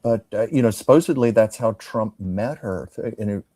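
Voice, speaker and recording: A man's voice: lowish voice, moderate pace, no room sound, clean studio sound. A man hosting a casual tarot reading chat, conversational and musing. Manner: conversational, musing, drops to soft tones. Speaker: psychic tarot reader, host.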